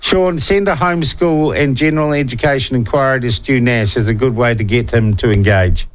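Speaking briskly at a medium pitch, a male talkback host from New Zealand takes on the issues of the day with blunt irreverence. He reads out texts from listeners, keeping his tone easygoing and full of opinions.

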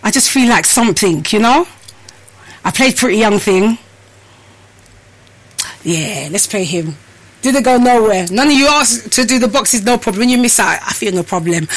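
Out of breath, a woman hosts a casual live-stream show and chats freely with her viewers, calling them people and peeps. Her voice is mid-range and the recording is rough.

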